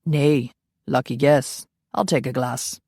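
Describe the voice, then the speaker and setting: A woman voicing a gruff, centuries-old male vampire. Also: very deep voice, fairly even intonation, takes it slowly, darkish tone, dry recording, studio quality, voice pushed down, exaggerated voice. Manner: gruff, grumbling.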